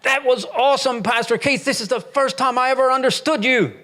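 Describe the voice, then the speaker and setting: A man voicing an older English churchgoer with a broad English brogue, higher than his own voice. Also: a little fast, fairly bright tone, natural voice. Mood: cheerful.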